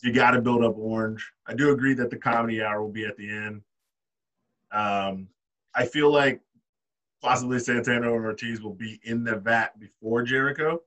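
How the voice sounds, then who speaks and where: A man's voice: medium pitch, steady tone, moderate pace, sharp tone, far from the mic. A man co-hosting a casual podcast, laid-back and thinking aloud through his reasons. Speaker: podcast co-host. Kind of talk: casual chat.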